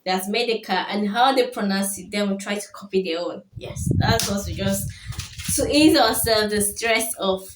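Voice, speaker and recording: A woman's voice: medium pitch, moderate pace, recorded from a distance, background noise. A woman from Nigeria hosting a reaction video, chatting casually and repeating words aloud. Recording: roomy, from off the mic.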